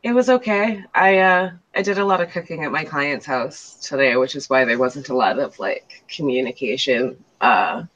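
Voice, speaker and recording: A woman's voice: rumbling low, normal speed, hardly any pauses, a bit bright, highs cut off. A woman in a casual chat, telling stories chattily and acting out other people's lines. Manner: chatty storyteller, lots of fillers and acted-out quotes.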